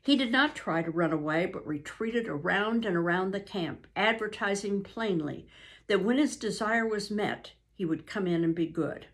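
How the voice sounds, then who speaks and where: An older woman, a grandmother, reading a novel aloud in an unhurried way with frequent ums and restarts. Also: medium pitch.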